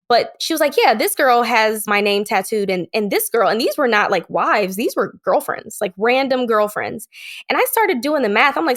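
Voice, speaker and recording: Woman podcast guest, higher voice, candid and animated storyteller. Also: moderate pace. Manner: animated, acts out quoted lines.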